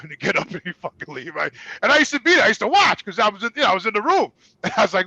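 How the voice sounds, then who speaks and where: A middle-aged man with a New York accent telling a family story in casual, profane talk, growing loud and animated as he gets worked up. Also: high voice, very fast, gravelly, slightly rough, dry recording. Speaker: guest.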